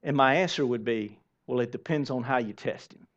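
A man preaching a sermon to a church congregation, lively and asking them direct questions. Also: mid-range voice, brisk. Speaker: pastor. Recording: dull lo-fi sermon recording.

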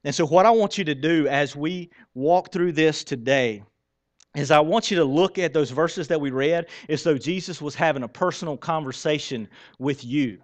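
Animated preacher, fairly high voice. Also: male voice, moderate pace. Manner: conversational, animated preaching with self-deprecating asides. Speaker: pastor. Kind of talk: sermon. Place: church sanctuary.

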